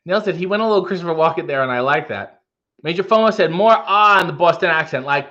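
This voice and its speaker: A man's voice: a little high, lively intonation, fast talker, sharp tone, lo-fi sound. A man hosting a livestream in casual chat, reading out viewer comments with rambling, wry asides. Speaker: livestream host.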